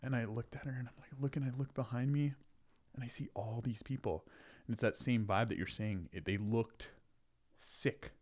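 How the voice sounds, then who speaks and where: A man's voice: medium pitch, moderate pace, a little mellow. A man speaking as a guest in a casual conversation, easygoing and thoughtful. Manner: thoughtful, easygoing, loose storyteller. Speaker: podcast guest.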